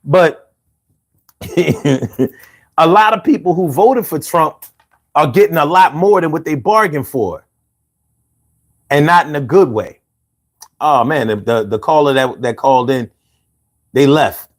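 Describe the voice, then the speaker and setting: A man's voice: fairly high pitch, expressive, slow pace, pauses often. A man hosting a livestream podcast, chatting casually and reading viewer comments with loose, profane banter.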